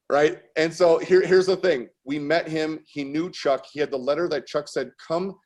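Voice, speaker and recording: A man telling a story with a lot of excitement. His voice sits a touch high and keeps building until it bursts into shouts and laughter. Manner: animated, fast-building, breaks into shouts and laughter. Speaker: artist guest. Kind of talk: excited storytelling on a video call.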